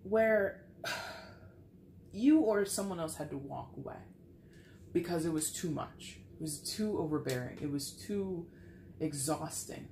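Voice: mid-range voice, lively intonation, measured pace, darkish tone, slight background noise. A tarot reader giving a casual, frank reading to camera, sighing often and swearing now and then. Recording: echoey room with faint ambience.

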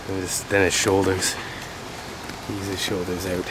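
Calm man explaining on the job, noisy. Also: fairly low pitch, normal speed, creaky, pauses often. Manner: calm, gently coaxing, explanatory. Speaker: wildlife removal technician. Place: outdoors by a shed. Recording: loud background noise outdoors.

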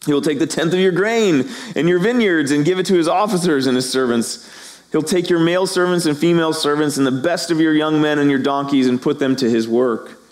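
A middle-aged male pastor preaching a sermon, animated, acting out the voices of people in the story. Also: fairly high pitch, fairly quick.

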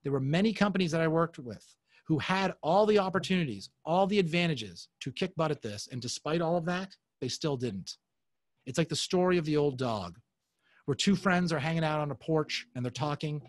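A man's voice: a little high, fairly quick, no echo. A man presenting a webinar on a video call, enthusiastic and motivational, often calling the audience folks. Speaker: webinar speaker.

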